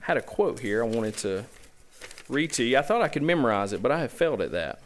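A man's voice: mid-range voice, big pitch swings. A man with a Southern US accent preaching a sermon as pastor, asking rhetorical questions and repeating key phrases for emphasis. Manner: opens with a slow, hushed prayer.

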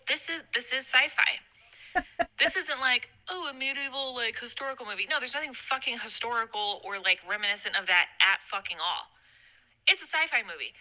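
A woman's voice: on the high side, sharp tone, low-quality recording. A woman leaving a long, profane voice message, exasperated and laughing through her rant, recorded on a phone. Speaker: podcast guest. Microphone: phone voice memo.

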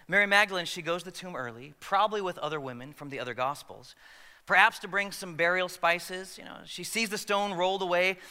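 A man's voice: high-pitched, bright, forceful tone, in a large hall. A man preaching a sermon in a conversational way, with joking asides to the congregation. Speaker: pastor.

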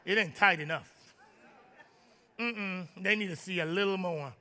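A man preaching a sermon to his church, joking with the congregation and rising to shouts. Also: sits high, measured pace, in a large hall. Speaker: pastor. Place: large church.

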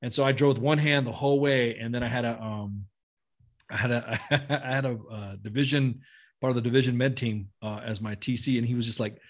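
A man's voice: medium pitch, steady tone, fairly quick. Blunt, profane middle-aged male veteran. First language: not English. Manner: blunt, profane, rambling with many restarts. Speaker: guest, army veteran. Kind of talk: casual storytelling.

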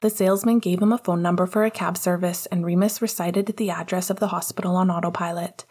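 A woman reading an audiobook in steady, measured narration. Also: fairly low pitch, husky. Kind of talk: scripted narration.

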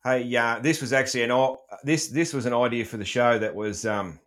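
A man's voice: medium pitch, steady tone, brisk, a bit bright. A middle-aged Australian man hosting a casual chat, joking around and swearing freely, with plenty of ums. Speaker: podcast host.

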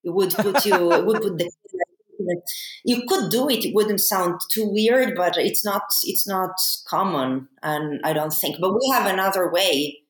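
A woman from Italy, a guest explaining ideas at length in a measured way with frequent fillers. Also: on the low side. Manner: measured, thinks aloud with fillers. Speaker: guest academic. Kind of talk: explanatory interview talk. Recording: echoey room.

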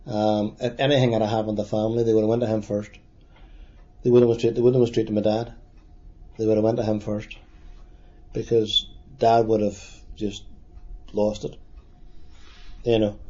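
A man in his sixties with a Derry accent, recalling past events in a halting, plain-spoken way during an oral history interview. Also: fairly low pitch, little pitch movement, mellow. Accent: Northern Irish, Derry. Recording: dull lo-fi recording.

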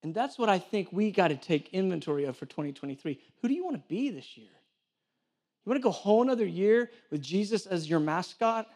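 High-voiced preacher. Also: male voice, fairly quick. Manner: animated storytelling with self-deprecating humor. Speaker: church director and preacher. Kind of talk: sermon. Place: church hall with a live audience.

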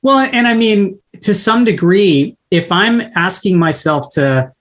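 A man's voice: high voice, fairly bright tone. Thoughtful man hosting an interview. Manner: thoughtful, slow, searching phrasing with restarts. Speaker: interview host. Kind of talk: interview questions.

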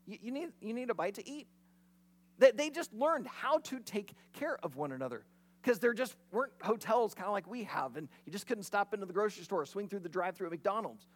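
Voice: mid-range voice, very animated, fairly quick, a bit bright. A pastor preaching a sermon in a conversational, storytelling way.

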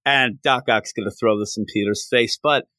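A man hosting a podcast, recapping a comic book in a casual, animated way and acting out the characters' lines. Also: medium pitch, normal speed, dry recording. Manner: animated storytelling, acts out quotes, laughs often. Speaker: podcast host.

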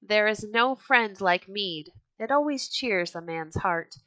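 A woman's voice: mid-range voice, animated, slow pace, fairly bright tone, no room sound, poor audio. A woman voicing a bold, hot-tempered red-bearded Viking chieftain in a storybook reading, with a hearty, declaiming manner. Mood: jovial.

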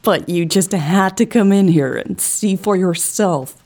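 A woman's voice: on the low side, measured pace, a little mellow. A woman reading the lines of a grieving, hostile woman in an audiobook, sneering and confrontational. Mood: bitter, accusing.

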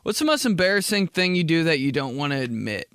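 A young man in his twenties hosting a casual solo podcast, rambling and animated, with lots of "like" filler and quick jumps into jokey high voices. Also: smooth, dry recording, clean studio sound. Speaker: podcast host.

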